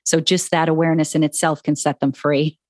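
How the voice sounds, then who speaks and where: Chatty middle-aged woman, lower voice. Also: little pitch movement, darkish tone, no room sound, studio quality. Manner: chatty, frequent "like" and "you know", quick laughs. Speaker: podcast guest, parenting author. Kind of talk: casual conversational interview.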